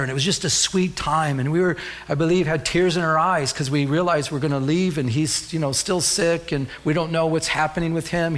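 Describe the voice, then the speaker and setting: A man's voice: a little high, fairly bright tone. A middle-aged man preaching a sermon as pastor, telling a personal story and rising to fervent calls to the congregation.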